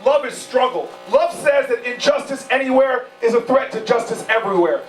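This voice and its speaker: A man's voice: very high-pitched, animated, brisk, soft background music. A man giving a campaign speech to supporters at an indoor event, telling stories with impassioned, repeated rhetorical phrases. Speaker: political candidate addressing supporters. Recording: echoey, distant, humming room recording.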